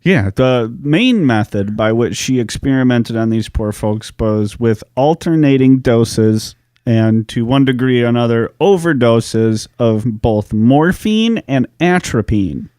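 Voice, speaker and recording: A man's voice: medium pitch, expressive, a little slow, hardly any pauses, a little mellow, clear, resonant tone, dry recording, studio quality. Laid-back, joking man. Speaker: podcast co-host. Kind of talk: casual history podcast chat.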